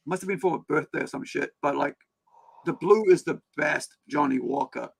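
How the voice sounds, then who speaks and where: New zealand accent, man, livestream host, gravelly, slightly high, slangy casual rambling. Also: normal speed. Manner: rambling, slangy, laid-back. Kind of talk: casual chat.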